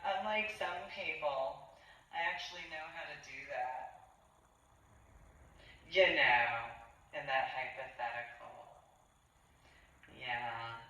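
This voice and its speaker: A man delivers a rambling vlog monologue, slow and halting, dropping disdainful asides. His voice is bright and sits a little high. He sounds far from the mic in a strongly echoing room, with faint ambient noise behind him. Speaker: vlogger.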